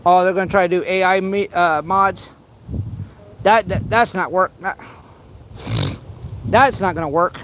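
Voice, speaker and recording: A man's voice: high-pitched, a little slow, long pauses, fairly bright tone, a little hiss or hum. A man casually chatting to his livestream viewers while fishing outdoors, rambling with many restarts and playful teasing. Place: outdoors by a pond.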